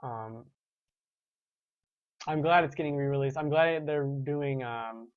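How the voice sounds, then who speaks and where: A man's voice: mid-range voice, takes it slowly, clear, resonant tone, no room sound, narrow, tinny audio. A man in his twenties hosting a gaming show, chatting casually and rambling with restarts while reading viewer comments. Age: 20s.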